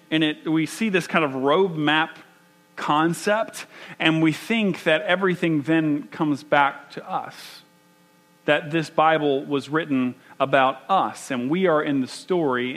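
Guy preaching, fairly high voice, gets worked up, lots of restarts. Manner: animated, emphatic preaching with frequent restarts. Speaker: pastor. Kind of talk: sermon.

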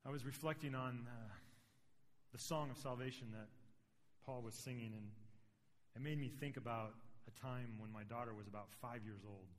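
A man's voice: mid-range voice, normal speed. A middle-aged man preaching a sermon as pastor, conversational and building to emphatic points. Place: church sanctuary. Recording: long reverb of a large hall.

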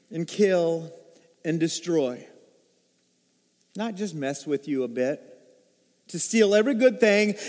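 A man preaching a sermon as pastor, swinging between loud emphasis and hushed, low asides. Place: church sanctuary. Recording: long hall reverb.

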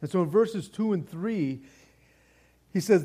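A man preaching a sermon in an animated, casual way, repeating words for stress and dropping in slang. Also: sits high, unhurried, pauses often, slightly rough. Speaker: pastor.

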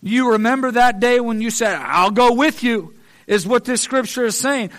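A man with a notably high voice preaches a heartfelt sermon. He talks earnestly and pleads with his listeners, lifting his voice on the phrases he repeats. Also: expressive, normal speed, a bit bright.

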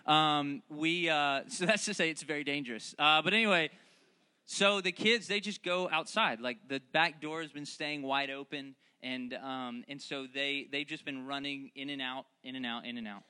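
A man's voice: fairly high pitch, moderate pace, sharp tone, clean tone. A man, preaching a sermon that mixes joking family stories with fervent, repeated calls to the congregation. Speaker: pastor.

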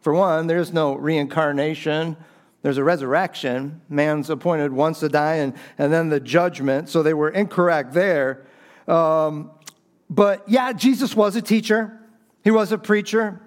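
A man's voice: on the high side, steady tone, unhurried. A man preaching a sermon in an earnest, conversational way, explaining scripture with frequent restarts. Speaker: pastor.

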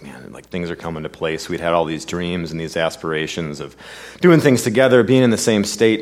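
An earnest male pastor delivers a sermon in a very deep voice. He reads scripture with sweeping, rising emphasis. He then slips into a softer, conversational storytelling tone that often trails off quietly.

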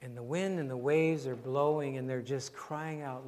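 An older man, preaching and praying in a church in a gentle, unhurried way, repeating phrases and often dropping very soft. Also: medium pitch, fairly even intonation. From Canada. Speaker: pastor. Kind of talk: sermon and prayer. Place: church sanctuary. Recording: long hall reverb, faint ambience.

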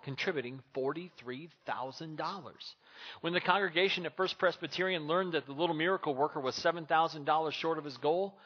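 A man preaching a sermon with dramatic pauses, dropping to a hush at times. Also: a little high, highs cut off. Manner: preaching with dramatic pauses and hushed softer passages. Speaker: pastor.

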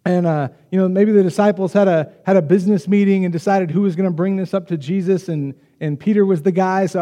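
A man preaching a sermon as the pastor, in a conversational, animated way with quick acted asides. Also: fairly high pitch, long reverb tail.

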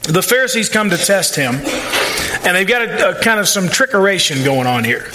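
A man's voice: sits high, expressive, moderate pace, noisy background. A male pastor preaching a sermon, folksy and plain-spoken, with asides and playful sarcasm. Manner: acts out quoted voices.

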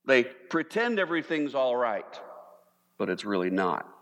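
A man preaching a sermon as pastor, animated, sometimes mimicking panicked voices for humor. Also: mid-range voice, a little slow. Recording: long reverb of a large hall.

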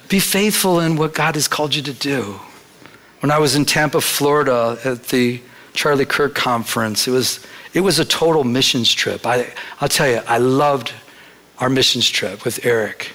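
A man's voice: mid-range voice, animated, a little fast, fairly bright tone. Man preaching in a chatty storytelling way. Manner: conversational storytelling with acted quotes. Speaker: pastor. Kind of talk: sermon. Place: church.

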